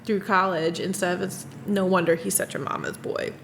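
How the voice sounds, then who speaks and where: A woman's voice: lowish voice, steady tone, moderate pace, creaky, fairly bright tone, a little hiss or hum. A woman hosting a podcast, chatty and laughing often. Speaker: podcast host. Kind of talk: casual podcast chat.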